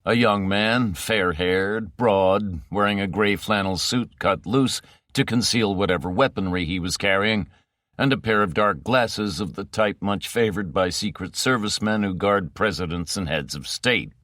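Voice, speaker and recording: Guy narrating an audiobook, low bright voice, dry close recording. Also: measured pace, no room sound. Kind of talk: scripted narration.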